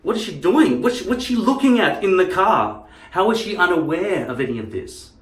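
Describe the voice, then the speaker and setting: A man's voice: high-pitched, big pitch swings, moderate pace. A man ranting in a casual monologue, a profane and heated storyteller. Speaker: channel host. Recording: roomy, distant mic.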